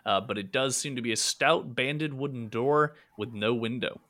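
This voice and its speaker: A man running a tabletop game as game master. His voice is bright and his delivery casual, with lots of fillers and hesitation. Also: medium pitch, normal speed.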